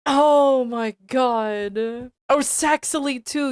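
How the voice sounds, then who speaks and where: A high-voiced young woman streamer talks slowly, drawing out her reactions. She sounds giggly and disbelieving, and her voice is close and dry with no room sound. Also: lively intonation, dry recording. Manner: giggly and incredulous, often breaking into laughter. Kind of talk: casual live-stream reading commentary.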